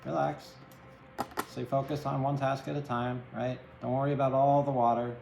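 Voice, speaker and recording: A man's voice: medium pitch, little pitch movement, normal speed, creaky, reverberant, muffled recording, music in the background. Chatty man giving a tarot reading. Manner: chatty, empathetic, rambling with many "right?" tags. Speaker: tarot reader.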